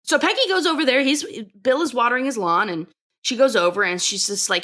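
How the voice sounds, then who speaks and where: A woman co-hosting a podcast, recapping an episode in a casual, animated way and swearing freely. Her voice sits fairly high and sounds bright and sharp. She slips into the characters' voices as she tells the story. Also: a little fast. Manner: animated retelling, acts out quotes, swears. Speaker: podcast co-host.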